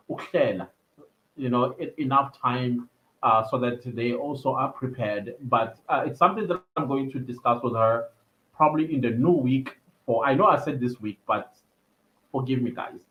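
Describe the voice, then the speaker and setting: Speaking at normal speed in a mid-range voice, a young South African livestream host chats casually, laughs frequently, and reads out comments from viewers. The audio, captured on a computer mic, is lo-fi and slightly dull.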